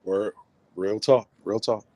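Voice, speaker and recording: A man's voice: on the low side, fairly even intonation, slow pace, dark tone, dry recording. A man joining a casual audio chat, mostly agreeing with short interjections.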